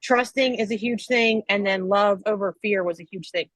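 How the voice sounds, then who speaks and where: Speaking at a moderate pace in a medium-pitched voice, a woman hosts a casual, candid podcast chat. She's earnest and reflective and leans heavily on "um" and "like," and the recording is rough but free of echo.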